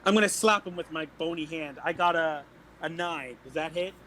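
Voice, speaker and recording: A man's voice: a little high, normal speed, slight background noise, rough recording. A man playing a tabletop role-playing game, playful and joking with the group. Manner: playful, jokey, animated. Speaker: player. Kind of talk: casual tabletop play.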